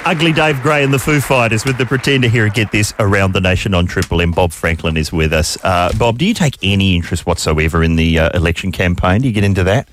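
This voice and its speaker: A man hosting a radio show, playful and quick to laugh in casual banter. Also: low-pitched, fairly bright tone, a faint crowd, a little hiss or hum. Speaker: radio host.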